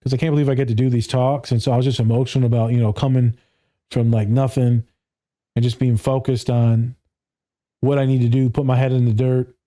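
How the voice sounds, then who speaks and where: A man's voice: mid-range voice, flat delivery, fairly quick, dark tone. A man in his thirties, a therapist, talking casually on a podcast in a blunt, profane way and laughing often. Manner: blunt, profane, laughs often, does voices when quoting people.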